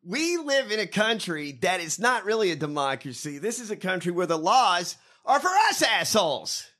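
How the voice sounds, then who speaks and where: High, lively, mocking man. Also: normal speed. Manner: profane, mocking, laughs often. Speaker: podcast co-host. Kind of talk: casual political chat.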